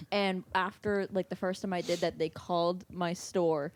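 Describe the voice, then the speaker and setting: A young woman co-hosting a podcast, telling fast-food job stories in a steady, matter-of-fact casual chat. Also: on the low side, a little hiss or hum. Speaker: podcast co-host.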